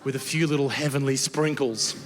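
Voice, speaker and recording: A man's voice: medium pitch, steady tone, a little fast, background noise. A young Australian man doing crude, brash stand-up comedy with a lot of swearing. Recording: live hall with long reverb.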